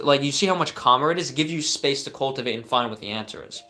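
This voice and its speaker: A man's voice: mid-range voice, quick pace, pushed and bright, soft background music. A young man hosting a live stream, answering viewer questions with earnest coaching advice and frequent fillers and restarts.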